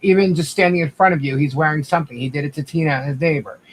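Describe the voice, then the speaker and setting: A man with a high voice tells his side at length, circling back with restarts and fillers. He keeps turning to speak to the viewers directly in a casual livestream chat. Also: fast talker, a little hiss or hum, rough recording. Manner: rambling, restarts, addresses viewers. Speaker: guest.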